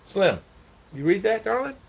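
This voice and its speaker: A man's voice: high-pitched, big pitch swings, normal speed, vocal fry. A man hosting a casual livestream, chatting with viewers and reading their comments, rambling and repeating himself with frequent laughter. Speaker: vlog host reading live chat. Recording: dull lo-fi stream audio.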